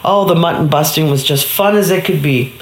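A woman's voice: deep voice, fairly quick, roomy sound. A woman telling an improvised story, acting out voices and sound effects. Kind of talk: improvised bedtime story narration.

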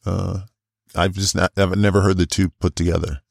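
A male podcast host with a deep voice and a strong gravelly fry running through it. He talks in a gushing, chatty way, peppered with fillers. The sound is dry and close. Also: little pitch movement, normal speed, no echo. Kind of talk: podcast intro and interview chat.

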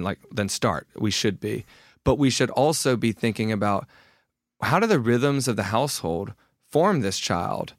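A man in his thirties talks as a podcast guest in a casual, candid way, often restarting his sentences and poking fun at himself. His voice sits on the low side. The sound is dry and close, with no room around it. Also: dry recording. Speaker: author and guest.

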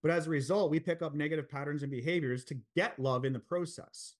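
Frank man telling his story, slightly high voice. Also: fairly even intonation, fast. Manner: frank, earnest, swears freely, many fillers. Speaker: podcast guest. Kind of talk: candid storytelling in a podcast interview.

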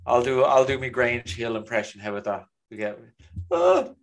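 A man co-hosting a casual podcast chat, chatty and quick to laugh, with plenty of fillers. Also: medium pitch, steady tone. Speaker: podcast co-host.

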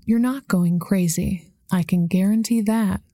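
A woman voicing a kind, calm older homeless woman who speaks soothingly. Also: mid-range voice, measured pace, dry recording, studio quality. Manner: soothing, gentle, calls others honey.

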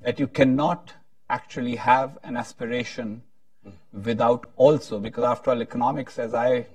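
A man's voice: mid-range voice, fairly even intonation, a little mellow, dry recording. Guy moderating a panel talk, lots of restarts, kinda far off the mic. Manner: halting, many restarts, tells a joke with voices.

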